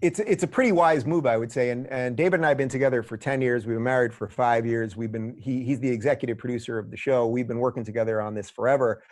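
A middle-aged man, a podcast guest, telling stories in a casual, animated way and often repeating words as he starts phrases. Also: mid-range voice, quick pace, hardly any pauses, no room sound, clean studio sound. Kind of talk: casual storytelling. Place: lives in a large US city.

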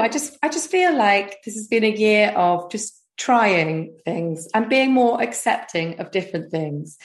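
A woman's voice: mid-range voice, reverberant. A woman with a posh English accent, a guest telling candid stories in a chatty, self-mocking way with lots of filler words. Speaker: guest, comedy content creator. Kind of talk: candid conversational storytelling.

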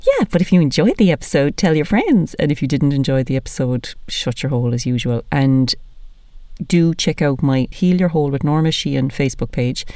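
A woman's voice: low-pitched, very animated, fairly quick, mellow, dry recording, studio quality. Chatty Irish woman podcast host. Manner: chatty, jokey, rambling. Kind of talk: casual chat.

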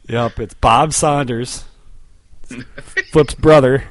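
A man hosting a casual sports podcast, animated and joking, swearing freely. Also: medium pitch, takes it slowly. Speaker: podcast host.

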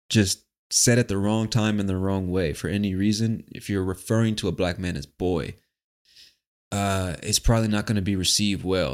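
A man from the United States talking casually and profanely as host of a podcast monologue. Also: on the low side. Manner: relaxed, profane, conversational.

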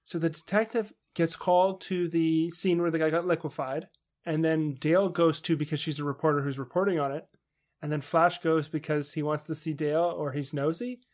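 Animated man ranting on a podcast. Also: fairly high pitch, brisk. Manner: animated ranting, acts out quotes in funny voices. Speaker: podcast co-host. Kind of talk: casual chat.

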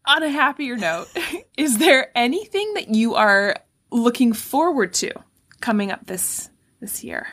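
A woman's voice: a little high, big pitch swings, unhurried, fairly bright tone. A woman with a Canadian accent hosting a casual podcast interview, conversational and laughing. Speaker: podcast host.

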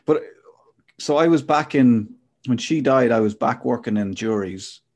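A man's voice: mid-range voice, a little slow, a little mellow. A middle-aged man hosting a casual chat podcast, telling a reflective, rambling story. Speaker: podcast host.

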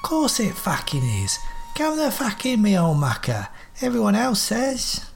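A scrappy, cheeky courier robot. He talks high and bouncy, swears freely and carries a gravelly edge. He sounds like a worn-out old machine down on his luck. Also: unhurried, slight background noise, exaggerated voice. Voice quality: swearing, streetwise, high and lively. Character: scruffy cheeky male cockney courier robot. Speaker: one-man audio drama performer.

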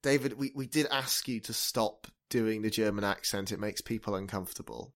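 Jokey rambling podcast man, bright voice. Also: fairly low pitch, moderate pace. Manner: jokey, rambling, laughs often. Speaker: podcast co-host. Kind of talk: comedic podcast banter.

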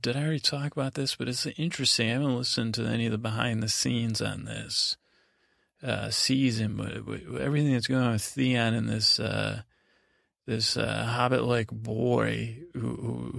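A man hosting a sleep podcast, recapping in a meandering, halting way with many restarts. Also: mid-range voice, little pitch movement, vocal fry, a bit bright, dry recording, studio quality. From United States. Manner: paraphrases scenes in casual voices. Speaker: podcast host.

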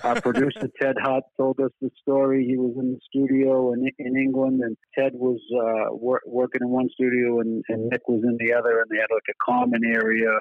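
A man's voice: mid-range voice, monotone, fairly quick, few pauses, no room sound. A man with a Boston accent, a musician chatting in an interview, laid-back and swearing freely as he tells stories. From Boston, USA. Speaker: band musician guest. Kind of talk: casual phone interview. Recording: dry tinny phone line.

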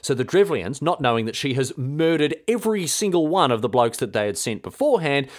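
A man's voice: mid-range voice, big pitch swings, brisk. A man hosting a podcast, telling a history story in an irreverent, rambling, slang-filled way. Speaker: podcast host.

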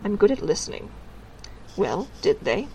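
Storybook witch: stern, dry, sardonic, mid-pitched; read by a woman. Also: sing-song, normal speed, dark tone, a little hiss or hum, rough recording.

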